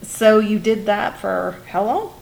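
A woman's voice: medium pitch, lively intonation, takes it slowly, gravelly, a little mellow, a little hiss or hum, poor audio. A woman hosting an interview, prompting her guest attentively with short reactions and questions. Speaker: interview host. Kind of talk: casual interview.

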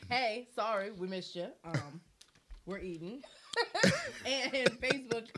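A woman's voice: mid-range voice, lively intonation, slow pace, very noisy. A woman hosting a casual live stream at a table, chatting and laughing while eating, flustered by technical trouble. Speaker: host. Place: indoors at a table with food. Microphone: tablet or phone on a table.

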